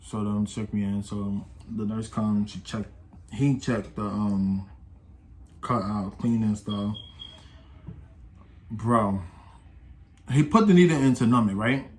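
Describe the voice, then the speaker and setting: A man's voice: on the low side, slow pace, pauses often, darkish tone. An eighteen-year-old man telling a casual storytime, rambling and slangy, with many restarts and quoted voices. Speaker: vlogger.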